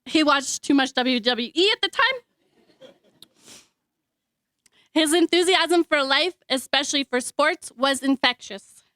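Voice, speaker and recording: Woman, high voice, emotional eulogy, halting, dry close sound. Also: expressive, bright, forceful tone, dry recording. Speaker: eulogy speaker, sister. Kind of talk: memorial speech. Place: memorial hall.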